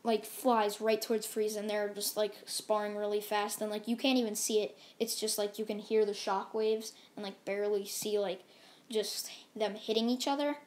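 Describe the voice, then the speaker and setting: A woman's voice: mid-range voice, little pitch movement, moderate pace, darkish tone. A woman casually narrating a fan-made story, rambling and full of fillers.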